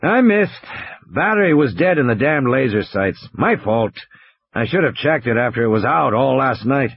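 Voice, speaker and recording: A man's voice: mid-range voice, animated, normal speed, slightly rough, dry recording. A man reading an audiobook, voicing a blunt, curt, tough game warden in short clipped sentences. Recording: dry, slightly dull audiobook recording.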